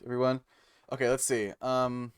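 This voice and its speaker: A man streaming live, reading code aloud and musing to chat with many pauses and fillers. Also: medium pitch, little pitch movement, smooth. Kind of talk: casual live-stream chat while coding.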